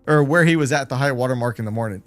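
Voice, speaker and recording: With faint music in the background, this live trading stream host races along in a medium pitch. It's a late-night session, and he chats casually, rambling and poking fun at himself.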